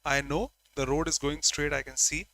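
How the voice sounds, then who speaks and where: Male tutor, bright and forceful, lively explainer, dry close sound. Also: on the high side, normal speed, gravelly, no room sound. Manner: lively, calls on students by name, acts out examples. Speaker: teacher. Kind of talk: online exam-prep lesson.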